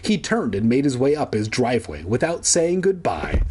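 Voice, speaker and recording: A man's voice: medium pitch, huge pitch swings, moderate pace, darkish tone, slight background noise. A man reading a children's book aloud with rambling jokey asides. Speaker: reader.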